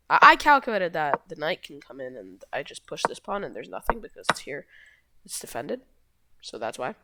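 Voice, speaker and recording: Woman host narrating chess moves; low voice that swings widely, offhand and self-correcting. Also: vocal fry, fairly bright tone, no echo. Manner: rambling, self-correcting, shrugs things off. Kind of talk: casual chess game walkthrough.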